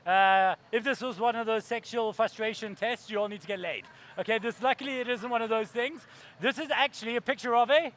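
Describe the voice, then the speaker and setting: A man's voice: extremely high pitch, fairly bright tone. A man giving a keynote talk on stage, brash and profane, acting out voices for comic effect. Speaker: keynote speaker.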